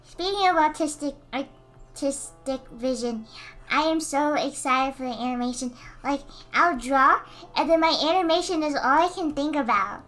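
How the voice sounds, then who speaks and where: A woman streaming casually while she draws, answering chat, giggly and given to excited squeals. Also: high voice, moderate pace, faint music behind. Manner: responds to chat messages.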